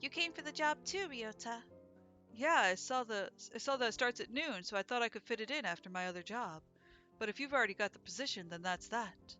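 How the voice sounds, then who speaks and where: A friendly young man talks in a casual, easygoing way, read by a woman. The voice is bright and fairly high. Light music hums behind. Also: lively intonation, brisk.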